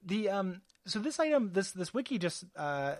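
A man's voice: high-pitched, very animated, moderate pace, dry recording, clean studio sound. A man co-hosting a podcast in casual chat, hesitant and full of fillers, laughing easily. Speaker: podcast co-host.

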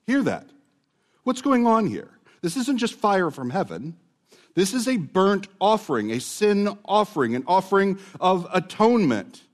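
A man preaching a sermon with a mid-range voice, talking to the congregation casually. He punches some phrases hard and drops others to near-murmurs, slipping in informal jokes. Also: mid-range voice. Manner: conversational preaching with sudden loud emphases and quiet asides. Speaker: pastor.

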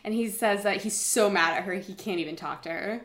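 A woman's voice: medium pitch, fairly quick, a bit bright. A woman casually retelling a survival story to a friend, chatty, with lots of fillers, acting out the quotes.

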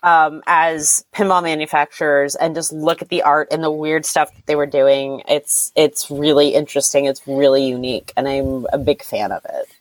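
A woman's voice: deep voice, fairly even intonation, normal speed, few pauses, no echo. A woman chatting as a podcast guest, enthusiastic and talkative, with frequent "like" and "um" fillers. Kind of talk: casual chat.

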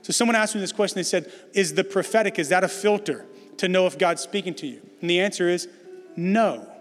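High-voiced pastor preaching in a big hall. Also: male voice, fairly quick. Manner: emphatic, conversational preaching with self-deprecating jokes. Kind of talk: sermon. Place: large church hall before a congregation. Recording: reverberant hall with soft music behind.

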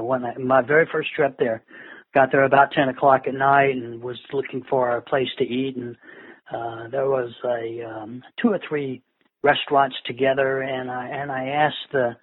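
A man in casual conversation, telling travel stories in a relaxed way with many fillers. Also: mid-range voice, moderate pace, dry recording. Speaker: guest. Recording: phone-like lo-fi line.

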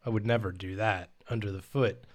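A man co-hosting a podcast, delivering a joke performance review in a deadpan, mock-official manner. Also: on the low side, fairly quick. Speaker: podcast co-host. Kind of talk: casual podcast banter.

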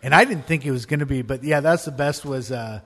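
A man co-hosting a casual podcast chat, animated and swearing freely as he retells scenes. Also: mid-range voice, brisk. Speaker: podcast co-host.

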